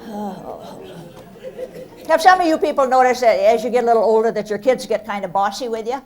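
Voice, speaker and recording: Older comedienne, folksy storyteller, deadpan punchlines, a bit high. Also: female voice, brisk, a faint crowd. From Minnesota. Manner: chatty, homespun, deadpan punchlines. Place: stage of a performing arts center.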